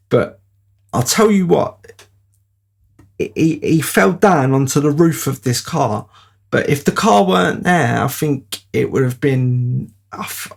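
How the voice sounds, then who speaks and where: Gravelly man telling a story. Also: medium pitch. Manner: rambling, with fillers and laughs. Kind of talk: casual spoken anecdote.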